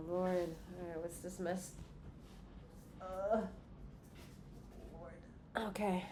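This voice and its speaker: A woman's voice: medium pitch, background noise. A congested woman giving a casual, profane tarot reading to her viewers, giggling between cards. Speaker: tarot reader.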